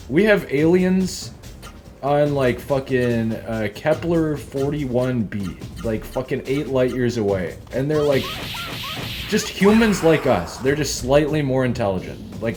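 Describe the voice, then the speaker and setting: A man's voice: medium pitch, darkish tone. A young man giving casual gameplay commentary as a streamer, rambling and swearing, and laughing often at his own tangents. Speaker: gaming streamer.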